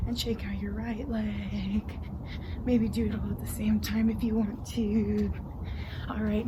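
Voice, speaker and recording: Upbeat young woman coaching outdoors. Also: a little high. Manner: upbeat, chatty. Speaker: student choir coach. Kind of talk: casual warm-up lesson. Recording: clear outdoor background noise.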